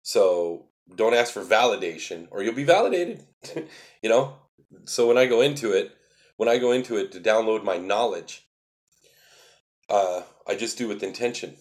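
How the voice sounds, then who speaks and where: Livestream host, male, lowish voice, earnest and emphatic, repeats his points. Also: animated, normal speed. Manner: earnest, repetitive, emphatic explaining. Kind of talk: casual livestream talk answering viewer chat.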